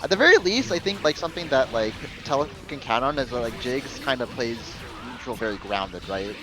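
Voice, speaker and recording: A man casually commentating a fighting game tournament match, chatty with lots of fillers and quick reactions. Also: medium pitch, animated, music in the background, rough recording. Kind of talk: casual live esports commentary.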